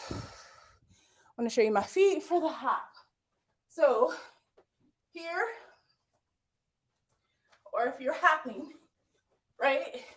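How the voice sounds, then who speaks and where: A woman fitness instructor coaching a live workout, upbeat and out of breath, cheering and counting down. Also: high-pitched. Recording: echoey room from far off.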